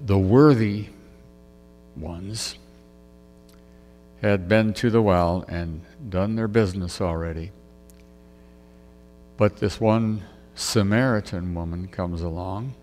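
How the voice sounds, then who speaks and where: A low, gravelly male voice speaking very slowly and thoughtfully. He reflects aloud in a relaxed sermon, and his voice trails off into a long hall reverb. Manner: reflective storytelling, musing aloud. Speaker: preacher. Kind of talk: conversational sermon.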